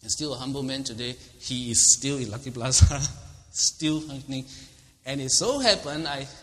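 A man, preaching a sermon in an animated way, acting out quotes with big leaps in pitch and chuckling often. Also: normal speed. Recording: long reverb of a large hall.

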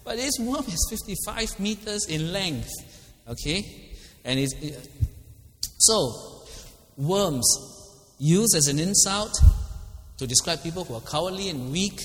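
Singaporean guy preaching, fairly high voice, laughs a lot, long hall echo. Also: lively intonation, unhurried, long pauses, fairly bright tone. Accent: Singaporean English. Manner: chatty, laughs often, asks listeners by name. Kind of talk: casual sermon with questions to the congregation.

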